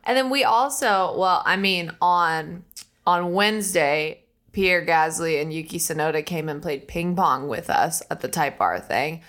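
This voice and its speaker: A woman co-hosting a podcast, telling lively stories in casual chat, laughing often and acting out quotes. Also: on the low side, a little slow. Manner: animated storyteller, laughs often, acts out quotes. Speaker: podcast co-host.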